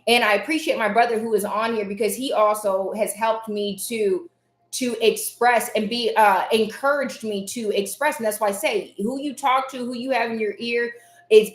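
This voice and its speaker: Earnest encouraging woman in an echoey room. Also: on the high side. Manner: earnest and encouraging, repeats phrases for emphasis. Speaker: host of a live self-care series. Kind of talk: motivational live talk.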